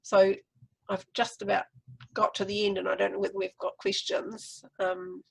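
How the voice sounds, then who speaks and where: A woman's voice: medium pitch, flat delivery, normal speed, creaky, breathy edge, poor audio. A woman with a New Zealand accent presenting a literacy webinar, explaining classroom activities step by step.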